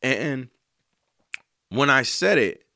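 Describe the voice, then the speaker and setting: A man telling an emotional story about writing a song, earnest and slangy, sometimes softly singing lines. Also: medium pitch, lively intonation, drawn-out words, creaky, no room sound. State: choked up. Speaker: songwriter. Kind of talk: heartfelt spoken testimony.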